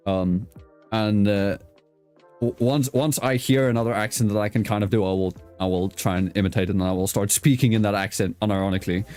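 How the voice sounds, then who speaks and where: A man with a fairly low voice hosts a casual interview over a video call. His accent blends British and South African English, and he rambles, swears offhandedly and laughs a lot. Faint music plays under the talk. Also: normal speed, darkish tone. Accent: mix of British and South African English. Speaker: host.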